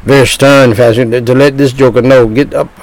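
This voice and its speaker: A man's voice: mid-range voice, flat delivery, fairly quick, low-quality recording. An older man in his sixties preaching a sermon as a pastor, talking in bursts with repeated words and restarts.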